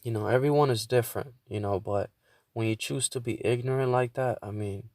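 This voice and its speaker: A man's voice: medium pitch, fairly quick, a little mellow, no echo, clean studio sound. A man hosting his own podcast, venting in a casual monologue with a lot of swearing and stumbling restarts. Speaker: podcast host.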